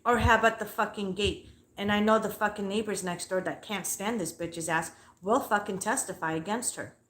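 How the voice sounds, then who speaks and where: Hosting a livestream at home among her dogs, a woman in a medium-pitched, fairly bright voice speaks at normal speed. She rants heatedly and casually, telling the story in a blunt, swear-filled, worked-up style, all in an echoey, roomy recording.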